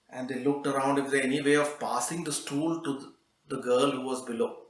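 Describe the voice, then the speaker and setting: A man tells a children's story in a loose, chatty way, pausing with fillers and restarting his sentences. His voice sits at an ordinary middle pitch. It is recorded in a roomy space, a little away from the mic. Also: far from the mic. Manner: relaxed, conversational telling with fillers.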